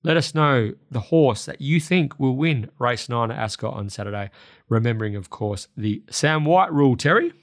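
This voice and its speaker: A man's voice: medium pitch, lively intonation, moderate pace, no echo, studio quality. Australian man with braces, slightly slurred. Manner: slightly slurred from new braces, lots of fillers. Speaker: podcast co-host. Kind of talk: casual chat.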